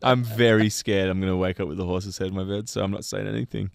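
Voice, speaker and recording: A man's voice: deep voice, fairly even intonation, fast, creaky, no room sound. A man co-hosting a radio show in a studio, rambling in a self-mocking way and laughing often. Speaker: radio drive-time co-host. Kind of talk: playful radio banter.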